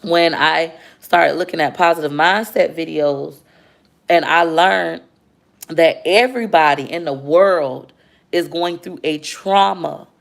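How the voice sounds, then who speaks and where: A woman's voice: deep voice, slow, gravelly. A woman in her thirties chatting earnestly with her viewers in a casual livestream and reading out their comments. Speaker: livestream host talking to viewers. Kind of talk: casual heartfelt chat to viewers.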